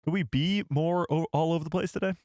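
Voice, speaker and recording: A man hosting a live stream, chatting with viewers in an excitable, joking way. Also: a little high, fast talker, over loud music. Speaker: livestream host.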